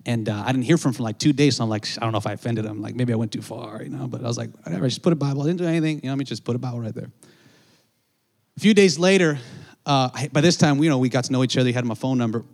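A man preaching a sermon, telling a story in an animated way, acting out the voices of others and calling out to the congregation. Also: medium pitch, very fast. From Southern California. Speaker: pastor.

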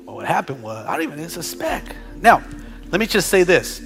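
A male pastor preaching a sermon, talking conversationally with humorous asides to the congregation and building to shouted prayers. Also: on the high side, big pitch swings, a little fast, over music.

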